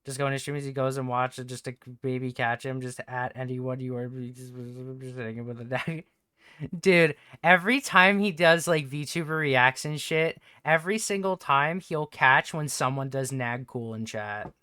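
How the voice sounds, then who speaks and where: Bright, crisp-voiced man rambling on stream. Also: mid-range voice, no room sound, clean studio sound. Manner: rambling, halting, swears often. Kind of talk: casual livestream chat. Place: at home with a TV on.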